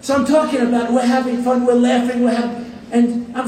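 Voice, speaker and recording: With a very high but dark-toned voice at normal speed, a candidate delivers a boastful, rambling campaign speech, repeating himself and sarcastically needling the press. The large hall is packed, and the distant, echoey recording picks up the crowd.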